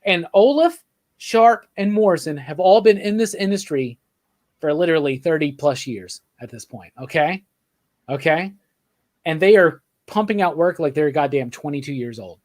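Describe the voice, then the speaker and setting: Excitable man rambling about comics. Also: on the high side, moderate pace. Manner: enthusiastic, rambling with restarts and frequent "right?". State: drinking beer while talking. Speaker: podcast co-host. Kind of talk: casual comics chat.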